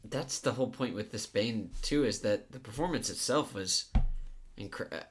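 A man with a fairly low voice shares his take in a relaxed, agreeable way. He hedges often and checks in with his listener. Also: moderate pace. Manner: agreeable, hedging with "you know what I mean". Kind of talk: casual movie chat.

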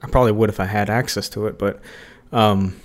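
A man's voice: on the low side, steady tone, fairly quick. A man from Mississippi co-hosting a woodworking podcast, chatting casually and slipping into mock quotes. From Mississippi, USA. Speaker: podcast co-host. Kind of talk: casual chat.

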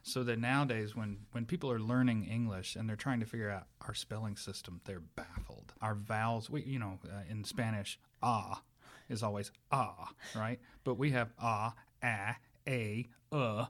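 A man's voice: lowish voice, steady tone, moderate pace, few pauses. A man explaining the history of English in an eager lecturing way, often restarting his sentences. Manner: enthusiastic lecturing with many restarts. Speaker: guest expert on English language history. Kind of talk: explanatory academic talk.

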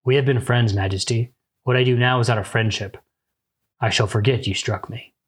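A man voicing a loyal, quietly dignified male nobleman, speaking deliberately without emphasis in a book retelling. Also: mid-range voice, steady tone, slightly rough, voice pushed down, natural voice. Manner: deliberate, unemphatic.

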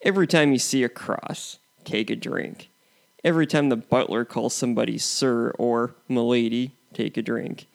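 Gravelly-voiced man co-hosting a movie podcast. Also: medium pitch, moderate pace. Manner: steady, reads prepared points and plugs. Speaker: podcast co-host. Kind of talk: casual movie review chat.

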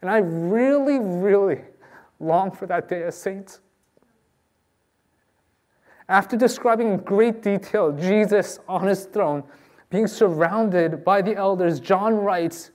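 A man's voice: high-pitched, a little slow, darkish tone. A man preaching a sermon as a pastor, earnest and pleading with his listeners.

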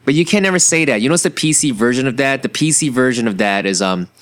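A man from New York rambling in a casual, profane monologue, animated and full of restarts and rhetorical asides. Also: mid-range voice, fast talker, few pauses. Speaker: solo commentator.

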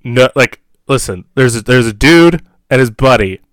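A man's voice: mid-range voice, lively intonation, normal speed, fairly bright tone, no room sound, studio quality. A man co-hosting a casual chat, rambling in a laid-back way with frequent chuckles.

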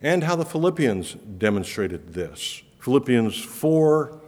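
A man delivers a sermon in a middle-pitched, earnest voice that swells with emphasis on key phrases. His words ring out with a long reverb tail, as in a large church hall. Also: big pitch swings, slow, darkish tone. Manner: earnest, emphatic, rising for repeated promises. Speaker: preacher.

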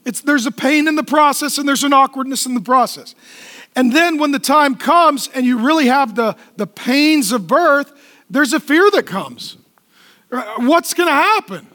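A middle-aged man preaching a humorous sermon as pastor, animated and joking, often asking the congregation questions. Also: extremely high pitch, moderate pace, big-room sound. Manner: animated, joking storyteller who asks the crowd questions.

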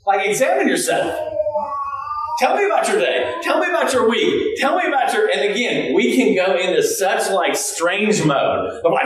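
A man preaching a sermon as pastor, animated, with shouted bursts and laughing asides. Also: high-pitched, unhurried. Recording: echoey hall from far off.

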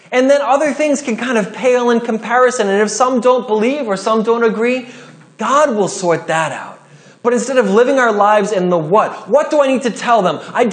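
High-voiced earnest male preacher. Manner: earnest, conversational preaching with quick rises and drops. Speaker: pastor. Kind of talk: sermon.

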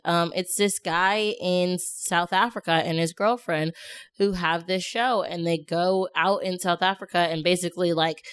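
A woman co-hosting a casual podcast, chatty and rambling, laughing often. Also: mid-range voice. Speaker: podcast co-host. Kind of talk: casual chat.

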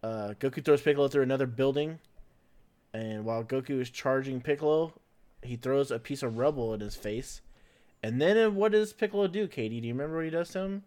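Podcast host, male, mid-pitched, chatty and loose, laughs easily. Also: brisk, darkish tone. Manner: chatty, laughs often, fills in with "like" and "uh". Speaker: podcast host recapping an anime episode. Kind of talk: casual podcast recap.

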